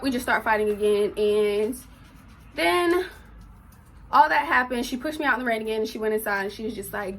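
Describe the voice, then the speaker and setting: A teenage girl tells a personal story in a vlog, emotional and animated. Her voice sits a little high and sounds bright. Faint noise sits behind her. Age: teens. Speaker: vlogger.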